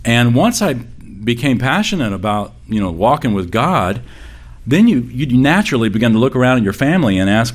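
A man's voice: mid-range voice, sing-song, brisk. A man preaching in a conversational, storytelling way, rambling with frequent restarts as he recalls family memories. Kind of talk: sermon storytelling.

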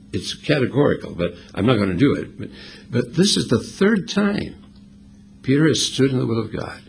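A man's voice: medium pitch, vocal fry. A man preaching a sermon, explaining scripture and Greek words in an expository style. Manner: expository preaching with lively, animated delivery. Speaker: pastor.

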